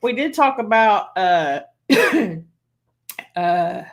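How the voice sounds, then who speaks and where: A woman's voice: mid-range voice, expressive, very slow. A woman hosting a live stream, chatting casually and telling rambling stories between laughs. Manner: rambling, chatty storyteller who laughs often. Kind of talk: casual chat.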